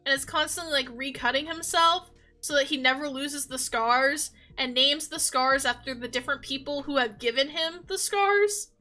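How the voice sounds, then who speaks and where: An animated young woman talks casually about a story, emotional and quick to laugh. Her voice is high and bright. Faint music plays behind her. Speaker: video creator. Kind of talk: casual chat.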